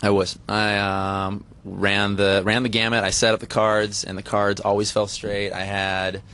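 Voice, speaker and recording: A young man, a reality show contestant, chatting casually as a guest and rambling through his story with many pauses. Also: fairly low pitch, flat delivery, bright, forceful tone, clean tone. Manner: rambling, restarts with many ums. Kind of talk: casual interview chat.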